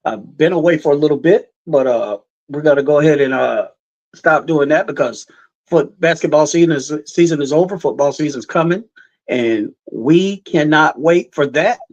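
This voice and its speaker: A man's voice: fairly high pitch, moderate pace, lo-fi sound. A middle-aged man hosting a live sports podcast, rambling and emphatic, repeating his points. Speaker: podcast host. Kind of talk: casual sports talk.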